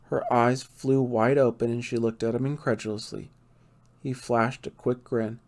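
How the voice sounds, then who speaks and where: Male audiobook narrator, mid-pitched, playful and lively with character voices. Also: normal speed.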